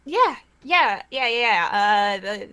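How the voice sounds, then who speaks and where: A woman's voice: mid-range voice, expressive, takes it slowly, bright, forceful tone. A woman playing a tabletop role-playing game, casual and playful, slipping in and out of character. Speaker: player.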